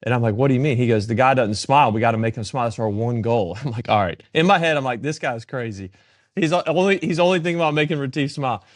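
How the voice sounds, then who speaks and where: A man co-hosting a podcast tells a story and acts out the back-and-forth dialogue. His voice sits at an ordinary middle pitch. The sound is dry and close, with no room echo. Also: very fast, few pauses. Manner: animated anecdote-telling, acting out dialogue. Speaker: podcast co-host. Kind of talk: casual storytelling chat.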